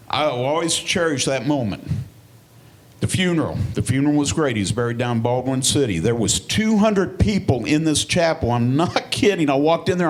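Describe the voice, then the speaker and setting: A man tells a stand-up comedy story in a folksy, plain-spoken way. His pitch sits mid-range but rises and falls a lot. He delivers his punchlines deadpan.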